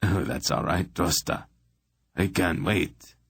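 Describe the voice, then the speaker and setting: A man's voice: deep voice, takes it slowly, vocal fry, slightly rough, no room sound, heavily acted. A man voicing a blunt, stubborn male merchant in an audiobook, speaking with dry mockery. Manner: blunt, mocking.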